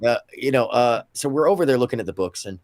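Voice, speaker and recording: A man's voice: medium pitch, lively intonation, fast talker, darkish tone, no echo. A man hosting a casual panel chat, telling a long story with many fillers and restarts. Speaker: show host.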